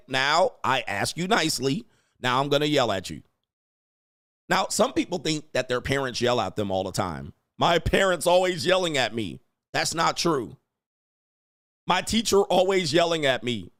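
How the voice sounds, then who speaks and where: A man's voice: mid-range voice, fairly bright tone, no room sound, clean studio sound. A man giving casual, profane reaction commentary on parenting clips, blunt and laughing often.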